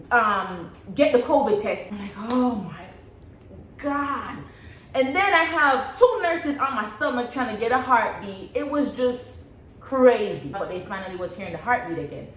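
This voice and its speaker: A young woman vlogger casually telling a personal story, animated and laughing often as she acts out what she said. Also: mid-range voice. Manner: animated, laughs often, reenacts her own past words. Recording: echoey room with faint background hum.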